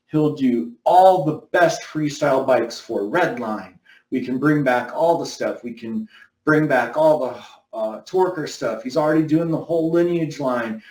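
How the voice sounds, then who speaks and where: A middle-aged man casually recounting a business story, rambling and animated, quoting others as he goes. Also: mid-range voice. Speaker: BMX brand owner recounting company history. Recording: roomy echo, somewhat far from mic.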